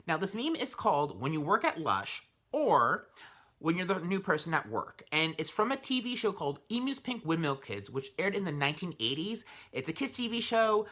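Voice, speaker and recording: A man's voice: a little high, pushed and bright. A young man giving a sarcastic, profane video essay as a vlogger. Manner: sarcastic, swears freely.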